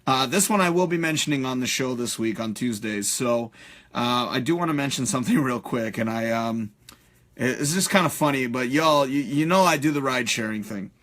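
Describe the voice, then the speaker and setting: A man hosting a live stream, ranting in a profane, animated way with many fillers. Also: medium pitch, normal speed. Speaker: host.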